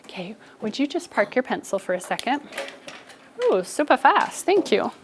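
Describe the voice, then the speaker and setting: A woman teaching a first grade spelling lesson, giving brisk, encouraging instructions to her class. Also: high-pitched, sing-song, noisy background.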